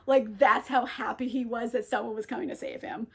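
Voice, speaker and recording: A woman's voice: on the high side, fairly even intonation, gravelly, a bit bright, husky. A young woman casually retelling a novel's plot, with lots of fillers and frequent laughter. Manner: laughs often, lots of fillers, quick quoted asides. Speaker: book reviewer. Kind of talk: casual book recap.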